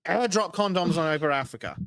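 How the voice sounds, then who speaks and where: A man's voice: a little high, expressive, a little fast, a bit bright, no echo, studio quality. A man co-hosting a podcast over an online voice call, talking in a casual, sarcastic way and swearing freely. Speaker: podcast co-host. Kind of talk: casual chat.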